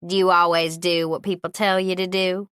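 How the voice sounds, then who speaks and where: A woman's voice: on the low side, level tone, moderate pace, smooth, no room sound, clean studio sound, lightly acted. A woman doing a feisty older lady. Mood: bossy. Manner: sharp, scolding, commanding.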